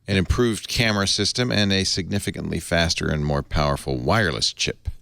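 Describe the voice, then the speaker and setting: A man's voice: sits low, fairly quick, gravelly, fairly bright tone, dry recording. A man hosting a tech podcast, playful and joking as he chats with his guests. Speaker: podcast host. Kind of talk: casual tech chat.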